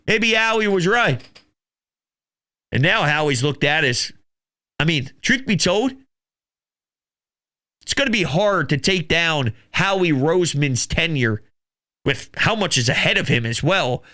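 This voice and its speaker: A man hosting a casual sports talk show, taking calls and rambling excitably. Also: on the high side, unhurried, long pauses. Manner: excitable, laughing, rambling with restarts. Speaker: sports podcast host.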